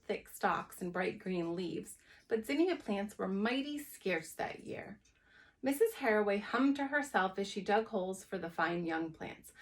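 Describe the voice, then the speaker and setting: A woman teacher reads a chapter book aloud to young children at a mid-range pitch. She reads expressively and stops now and then to explain a word in plain terms. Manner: expressive, adds plain asides.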